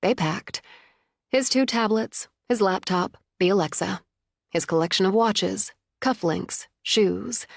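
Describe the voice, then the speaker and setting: A woman narrating an audiobook in measured, even storytelling. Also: mid-range voice, creaky, no room sound, studio quality. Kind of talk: scripted narration.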